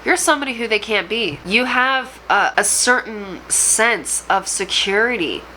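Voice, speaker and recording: Woman tarot reader, bright tone, earnest and reassuring, faint hiss behind. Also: medium pitch, expressive, unhurried, low-quality recording. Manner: earnest, reassuring, addresses viewer directly. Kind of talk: channeled tarot reading.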